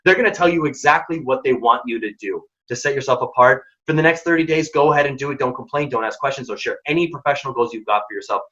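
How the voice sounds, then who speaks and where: A man's voice: medium pitch, quick pace, few pauses, fairly bright tone, highs cut off. A man giving direct, emphatic career advice in a workshop talk. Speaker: workshop speaker.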